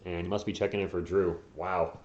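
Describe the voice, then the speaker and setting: A hoarse man hosting a live fan play-by-play stream, calling plays quickly and tossing in joking asides and replies to viewers. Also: sits low, little pitch movement, a little mellow, reverberant, highs cut off. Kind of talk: casual live play-by-play commentary.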